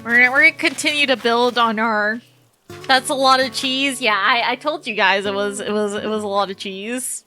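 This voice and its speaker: Bright, high-voiced woman streamer. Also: fairly quick, hardly any pauses, soft background music. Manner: chatty, animated storytelling with frequent swearing. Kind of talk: casual chat while playing a game.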